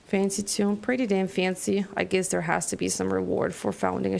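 A woman's voice: medium pitch, flat delivery, brisk, creaky, darkish tone, a little hiss or hum. A woman streamer giving emotional, chatty commentary while playing a story game. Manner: emotional, chatty, thinking aloud. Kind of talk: let's play commentary.

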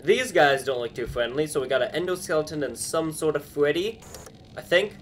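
A man's voice: fairly high pitch, fairly quick, a little hiss or hum. A young man, a YouTuber, chatting and thinking aloud as he plays a horror game in his bedroom. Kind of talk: let's-play commentary.

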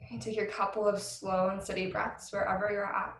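A woman teaching a vinyasa yoga class over a video call from home, giving calm, encouraging cues with soft laughs. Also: mid-range voice, a little fast. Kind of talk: guided vinyasa class instruction. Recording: roomy video call audio, faint ambience.

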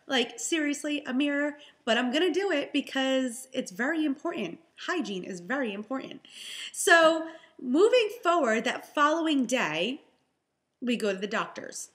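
Young pregnant woman, high voice, chatty, animated, exasperated storyteller, casual vlog. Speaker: vlogger, health and fitness coach.

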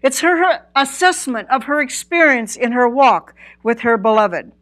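A woman with a somewhat high voice delivers a Bible study lesson. She speaks earnestly and with emphasis, swooping up on key words and sinking to a hush at the ends of phrases. She puts questions straight to her listeners. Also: lively intonation, normal speed. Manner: earnest, emphatic, swooping between loud and soft; asks listeners direct questions. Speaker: Bible teacher.

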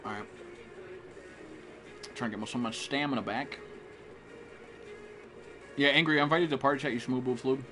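A man's voice: mid-range voice, moderate pace, long pauses, over music. A man streaming a game live, swearing and trash-talking other players while he greets chat viewers. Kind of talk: live gameplay commentary.

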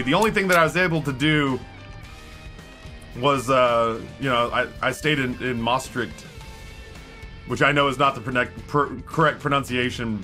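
Streaming to his audience, this American man rambles along in casual conversation, frequently breaking off and starting sentences over. His medium-pitched voice sounds pushed and bright.

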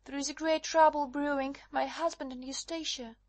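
A woman voices a frightened young wife, out of breath and pleading for help in an audiobook drama. Her voice sits high and bright, and the recording is close and dry with no room sound. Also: steady tone, normal speed, no echo. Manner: breathless, urgent.

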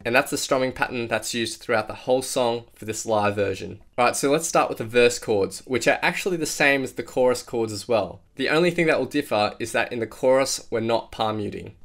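A man giving a step-by-step guitar lesson, explaining chord shapes and counting out strumming patterns beat by beat. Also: medium pitch. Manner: clear step-by-step instruction, counting beats aloud. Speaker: guitar teacher. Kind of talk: guitar tutorial. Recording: loud acoustic guitar under the voice. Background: acoustic guitar playing.

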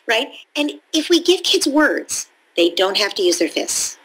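Bright, husky woman explaining calmly. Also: fairly high pitch, a little slow, poor audio. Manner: calm, explanatory, acts out parent and child lines. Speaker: parenting expert guest. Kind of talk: interview answers.

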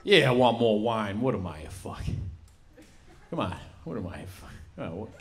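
A man doing a low mumbling tripping New York mobster. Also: very animated, normal speed. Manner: low mumbling, stuck repeating himself. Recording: loud laughing crowd.

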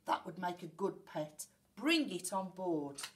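A woman voicing a blustering, loud male pirate captain in a storybook reading, roaring and impatient. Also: lowish voice, expressive, a little slow, recorded from a distance, slight background noise. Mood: bossy roaring.

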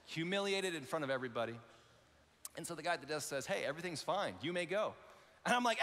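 A man, a pastor, telling a lively story in a sermon, acting out the voices of the people in it. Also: fairly high pitch, a little fast, long pauses, long reverb tail. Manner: animated, acts out voices in his story. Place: large church auditorium.

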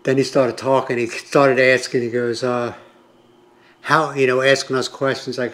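A man's voice: mid-range voice, level tone, normal speed, fairly bright tone. An older man from the United States, telling a long story to his vlog audience in a rambling, conversational way with many asides. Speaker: vlogger. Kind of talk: casual storytelling to camera.

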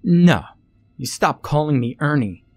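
A man's voice: on the high side, lively intonation, a little slow, a little mellow, faint music behind, pitched above the performer's own voice. A man voicing a scared, timid young boy whose voice shakes and cracks as he pleads. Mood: frightened pleading.

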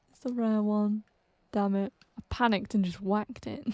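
Young woman, gameplay commentary, excitable, gasping, unhurried, dry room. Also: mid-range voice, dry recording. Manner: excitable, jumpy, frequent exclamations and gasps. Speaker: gaming channel host.

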